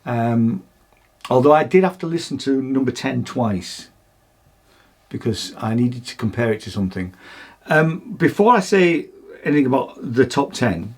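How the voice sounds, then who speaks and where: A man's voice: mid-range voice, expressive, normal speed, darkish tone. A man, co-hosting a music podcast, chatting casually and giving opinionated takes. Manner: opinionated, chatty, frequent restarts. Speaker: podcast co-host. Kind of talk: casual chat.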